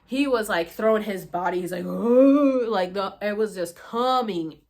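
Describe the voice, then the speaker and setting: A young woman vlogger telling a personal story in a casual, animated way, swearing freely and acting out what other people said. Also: medium pitch, normal speed.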